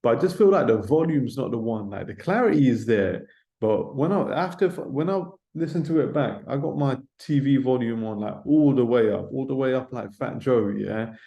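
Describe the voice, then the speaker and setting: Solo male pundit, casual and profane, mellow voice, echoey room without a mic. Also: medium pitch, expressive, normal speed, gravelly. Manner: rambling, swearing, lots of filler tags. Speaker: boxing pundit. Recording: roomy echo, no mic.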